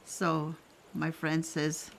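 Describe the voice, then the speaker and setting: Older woman, elder, slow unhurried delivery, gravelly creaky voice, gentle reflective storytelling. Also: deep voice, completely flat delivery, slight background noise. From Canada. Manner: gentle and reflective, pausing often, with soft laughter. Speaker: elder sharing traditional teachings. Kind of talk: personal storytelling.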